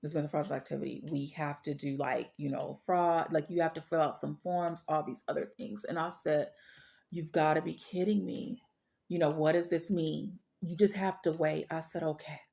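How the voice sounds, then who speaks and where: A woman's voice: low voice, fairly even intonation, moderate pace, vocal fry, dark tone. A woman sharing a personal faith testimony in an earnest, storytelling way, repeating phrases for weight. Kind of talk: personal testimony, casual preaching.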